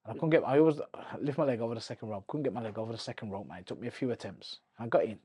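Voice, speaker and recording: A man tells stories from his boxing days as a podcast guest. His voice is mid-pitched, and the talk is casual and full of swearing. He keeps slipping into the voices of the people he quotes. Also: very fast, breathy edge. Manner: animated, profane storytelling that acts out quoted voices. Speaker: podcast guest, former professional boxer.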